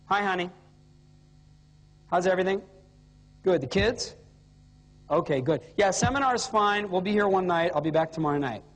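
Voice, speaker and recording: A man's voice: sits high, animated, moderate pace, long pauses, voice pushed down. A man doing a smug penny-pinching husband. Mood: sweet. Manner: wheedling on the phone, huffy over bills. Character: middle-aged male colleague, thrifty, smug husband. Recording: long reverb of a hall.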